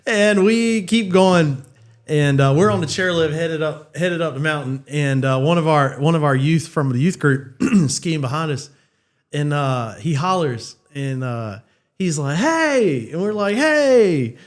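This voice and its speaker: Man, slightly higher voice, podcast co-host, chatty storyteller, laughs a lot. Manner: laughing through anecdotes, quick asides. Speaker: podcast co-host, youth leader. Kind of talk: casual storytelling chat.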